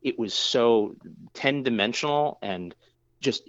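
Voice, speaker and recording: A man's voice: mid-range voice, animated, takes it slowly, dull audio. A man who works as a brewer, telling a long story in a casual interview, rambling with lots of fillers and restarts.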